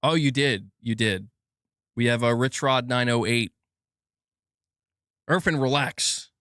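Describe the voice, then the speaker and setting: A man with a medium-pitched, fairly bright, clean voice speaks at a normal speed, recorded dry with clean studio sound. He's hosting a casual gaming news livestream, reading donations aloud while joking and laughing with his chat.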